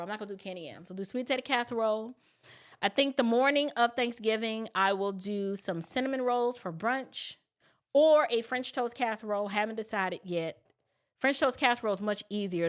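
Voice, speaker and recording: A woman's voice: on the high side, fairly bright tone. A middle-aged woman who grew up in New York City, hosting a casual livestream and chatting in a folksy way straight to her viewers. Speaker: livestream host.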